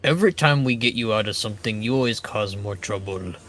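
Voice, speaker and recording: A man playing a simple-minded, brutish male first mate who speaks about himself in the third person in a halting, blunt way. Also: on the low side, fairly bright tone, close to an everyday voice.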